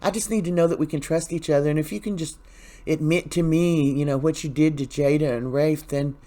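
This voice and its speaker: A man's voice: on the high side, steady tone, brisk, mellow, voice pushed up, natural voice. A scheming young woman feigns sincerity in a raised, falsely sweet voice that halts and stumbles, as a man recapping a soap opera puts her on. She sounds like she is trying too hard to be believed.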